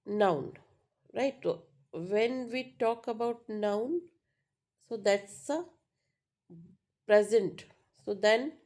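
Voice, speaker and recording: A woman's voice: mid-range voice, darkish tone. A woman, teaching pronunciation patiently and checking in with "right?" often. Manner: patient, repeats points with frequent "right?" and "uh". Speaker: English teacher. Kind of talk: slow classroom-style explanation.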